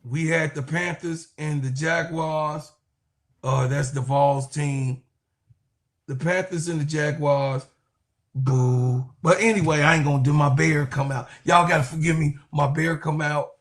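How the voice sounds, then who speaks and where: A man's voice: on the high side, fairly even intonation, measured pace. A man co-hosting a casual sports talk show, joking around and ribbing his co-host about her team.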